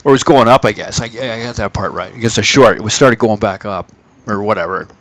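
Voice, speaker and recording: A man hosting a live trading stream and telling a story in a loose, casual way. He acts out the people he quotes with sudden jumps in pitch. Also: fairly quick, no room sound. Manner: animated, acts out quoted voices.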